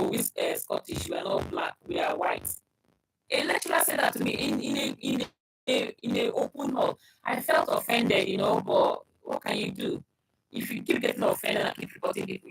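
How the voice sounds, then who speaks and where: A man's voice: very deep voice, gravelly, a bit bright, breathy edge, low-quality recording. A man with a strong accent giving casual advice in a conversational monologue, repeating his points and talking straight to the listener. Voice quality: strong accent he describes himself. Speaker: vlogger giving advice on moving abroad.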